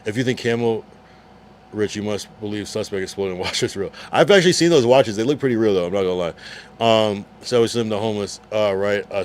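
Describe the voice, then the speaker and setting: A man's voice: on the low side, slight background noise. A man streaming live, reading chat messages aloud in a laid-back, slangy way. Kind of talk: casual livestream chat.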